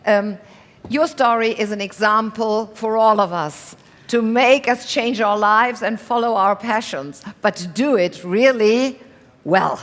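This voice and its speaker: A woman's voice: on the high side, unhurried. Upbeat woman host on a live stage. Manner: enthusiastic, addresses the audience. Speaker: event host and moderator. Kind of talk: bilingual stage moderation. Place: large hall on a stage. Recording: live hall with long reverb and audience.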